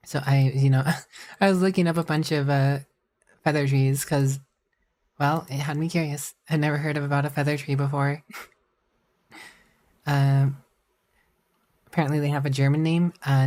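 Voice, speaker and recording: A woman's voice: low-pitched, level tone, moderate pace, long pauses, warm tone. A woman streamer chatting casually and rambling, with a giggly manner. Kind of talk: casual live-stream chat.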